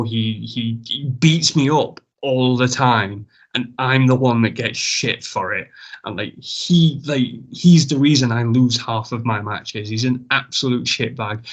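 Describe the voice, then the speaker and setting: A man's voice: mid-range voice, highs cut off. A man, a wrestler as a guest, casually telling a rambling, self-mocking story and swearing freely.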